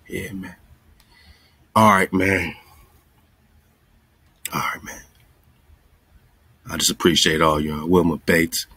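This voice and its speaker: A man's voice: sits low, a bit bright, slightly rough, no room sound. A man hosting his own channel, chatting casually and rambling to viewers about a community fundraiser, dropping "man" and "you know" often. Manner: laid-back, rambling, says "man" and "you know" a lot.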